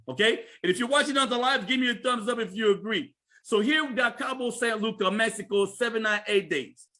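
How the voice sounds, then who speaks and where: High, bright-voiced energetic male presenter. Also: fairly quick. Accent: Canadian. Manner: energetic, repetitive, chatty with listeners. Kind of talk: sales presentation on a livestream.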